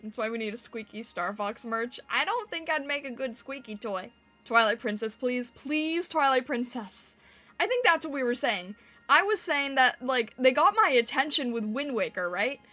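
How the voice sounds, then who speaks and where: High, bright giggly woman streamer. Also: lively intonation, normal speed, faint music behind. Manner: giggly, chatty, reading chat aloud; squeaky when yelling or laughing. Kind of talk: casual live-stream chat.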